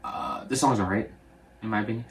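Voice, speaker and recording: A young man casually recapping a movie, rambling and offhand, slipping into quick character voices. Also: on the low side, slight background noise. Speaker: movie reviewer.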